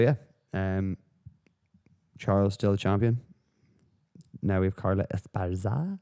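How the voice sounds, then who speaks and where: Man, podcast host, casual rambling rant, profane, low-pitched. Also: slow, long pauses, mellow, clean tone. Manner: profane, rambling, with frequent fillers.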